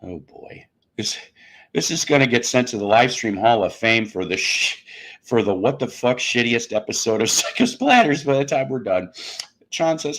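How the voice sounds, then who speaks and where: A man's voice: medium pitch, sing-song, normal speed, fairly bright tone. A man hosting a rambling, comedic livestream show, cracking bad jokes, laughing at them himself and reading out viewers' messages. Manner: jokey, laughs at his own jokes; reads out chat messages.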